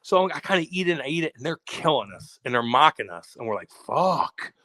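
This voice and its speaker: A man's voice: on the high side, fast talker, dry recording. A man co-hosting a podcast, telling a rowdy story in casual, profane chat. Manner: profane, animated storytelling with acted quotes. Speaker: podcast co-host.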